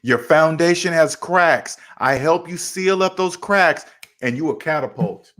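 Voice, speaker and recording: A young man hosting a casual livestream about money, animated and acting out both sides of imagined conversations as he answers chat. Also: fairly high pitch, a little slow. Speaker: finance channel host.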